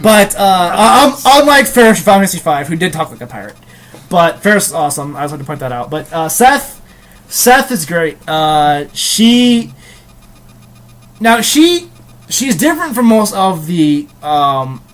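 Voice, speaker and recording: Young guy host, rambling and crude, fairly high voice, casual game review banter. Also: very animated, normal speed, a bit bright. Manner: rambling, frequent ums and restarts, crude jokes.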